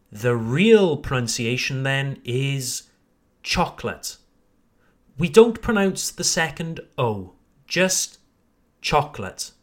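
A man with a British accent teaching English pronunciation on a podcast, encouraging and repeating each word slowly for learners. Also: mid-range voice. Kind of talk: podcast lesson.

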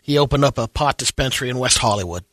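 A man's voice: mid-range voice, lively intonation, fast, a bit bright, dry recording, clean studio sound. Matter-of-fact male co-host. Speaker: co-host reading entertainment news. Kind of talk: casual news banter.

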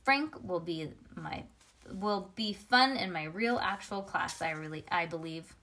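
A woman reads a children's chapter book aloud. Her delivery is lively and expressive, with the odd small slip. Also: on the low side, unhurried, slight background noise.

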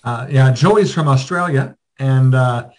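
A man's voice: mid-range voice, unhurried, rough recording. A man hosting a casual video call show from a motel room, rambling with lots of fillers. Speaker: show host.

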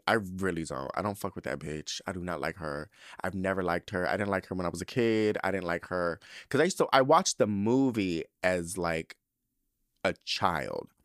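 Podcast host, man, 30s, low voice, salty and animated, dry close sound. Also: no echo. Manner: profane, animated and gushing. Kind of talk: casual chat.

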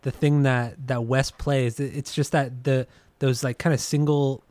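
In a dry recording, this co-host's mid-range, darkish voice stays steady at a measured pace. He's enthusiastic about the album under discussion, curses freely, and often loses his thread and starts over in the casual chat.

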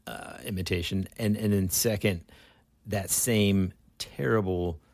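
Gravelly-voiced man hosting a podcast. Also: low-pitched, a little slow, dry recording. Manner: lively storyteller, loose and conversational. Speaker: podcast host. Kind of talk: casual chat.

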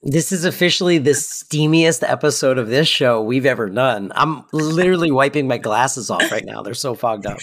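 A man's voice: medium pitch, animated, normal speed, few pauses, fairly bright tone. A man co-hosting a podcast in casual chat, teasing and joking dryly. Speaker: podcast co-host.

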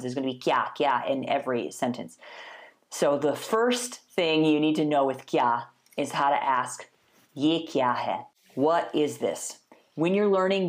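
A woman with a low speaking voice teaches in a relaxed, talkative way. She keeps it conversational and upbeat, and her voice leaps up whenever she acts out a sample phrase. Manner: chatty, upbeat, demonstrates phrases with animated pitch jumps. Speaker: language teacher. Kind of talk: casual spoken lesson.

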